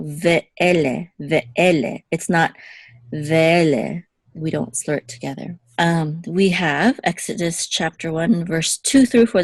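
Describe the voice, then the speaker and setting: A woman's voice: on the low side, no echo. Patient woman teaching pronunciation, dry sound. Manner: patient, repeats words slowly to model pronunciation. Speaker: Hebrew teacher. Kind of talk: teaching lesson.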